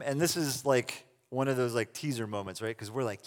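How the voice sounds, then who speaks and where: A man preaching a sermon, retelling scripture in a casual, animated way with quick asides. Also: medium pitch, long reverb tail. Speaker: pastor.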